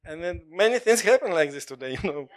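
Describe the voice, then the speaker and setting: Male preacher, slightly high pitch, animated, laughs between lines. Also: quick pace. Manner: animated, laughing often, call-and-response with congregation. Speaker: pastor. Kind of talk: sermon.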